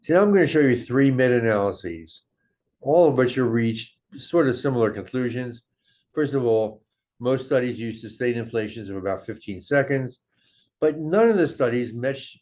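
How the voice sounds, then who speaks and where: A man's voice: medium pitch, darkish tone. Older man giving a medical lecture. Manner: measured, walks through slides and study data. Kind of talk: academic lecture on slides.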